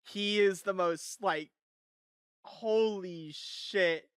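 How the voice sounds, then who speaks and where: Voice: mid-range voice, drawn-out words, a bit bright, clear, resonant tone, no room sound, clean studio sound. A streamer giving live reaction commentary on a video, incredulous and giggly, rambling with lots of fillers. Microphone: streaming mic.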